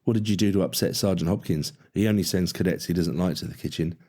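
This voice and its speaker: A man's voice: deep voice, fast, dark tone. A man voicing a young army cadet who answers politely while holding back his anger. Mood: restrained. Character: proud young male army cadet, mixed race.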